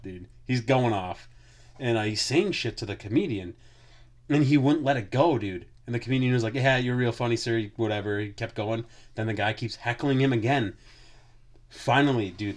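Profane, rambling man telling a story. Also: mid-range voice. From Wisconsin. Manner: profane, rambling, lots of filler words. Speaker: podcast host. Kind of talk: casual storytelling chat.

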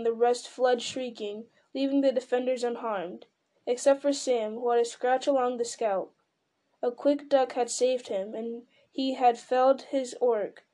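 Mellow woman reading a fantasy novel aloud. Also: on the high side. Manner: dramatic storytelling with occasional slips. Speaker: reader.

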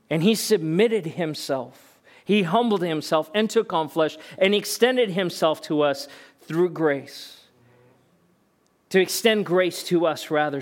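A male pastor preaching a sermon in an emphatic, conversational way, asking rhetorical questions. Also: fairly high pitch.

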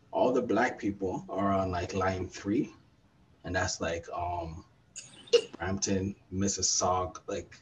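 Man, lowish voice, casual chat, animated, faint background noise. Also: distant mic, low-quality recording. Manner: animated storyteller, acts out coworkers.

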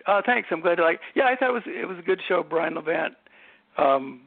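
An older man, a sitcom writer and producer, telling relaxed anecdotes in an interview, with many ums and you-knows. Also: high voice, a little fast, no room sound. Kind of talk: casual interview storytelling. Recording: phone-like narrow audio.

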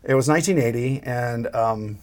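Older male guest in his 60s, animated storyteller, acts out dialogue, laughs easily. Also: mid-range voice, moderate pace. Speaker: interview guest, creature effects artist. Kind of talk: storytelling interview.

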